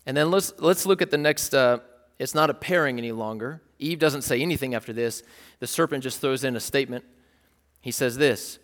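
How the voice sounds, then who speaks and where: Conversational preacher in a reverberant hall. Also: male voice, mid-range voice, a little fast, fairly bright tone. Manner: conversational and explanatory, frequent "like" and restarts. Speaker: pastor. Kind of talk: sermon.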